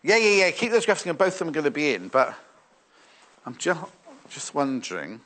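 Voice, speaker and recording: Selling fabrics live, a man chats and muses while reading viewer messages on air. His slightly high voice has a sing-song lilt, a fairly bright tone, and a fairly quick pace.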